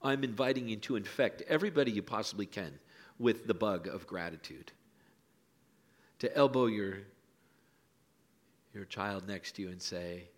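A pastor preaching a sermon in a church, telling folksy stories and dropping to hushed lines for emphasis. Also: male voice, on the low side, normal speed, pauses often. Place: church sanctuary.

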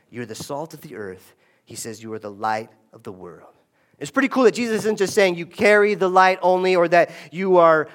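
A pastor preaching a lively, conversational sermon in a church and drawing the congregation into call-and-response. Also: male voice, high-pitched. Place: church sanctuary.

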